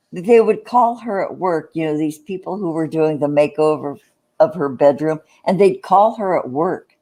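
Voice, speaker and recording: A woman's voice: lowish voice, a little mellow. A woman in casual chat, rambling through an anecdote with many restarts. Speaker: live stream chat participant.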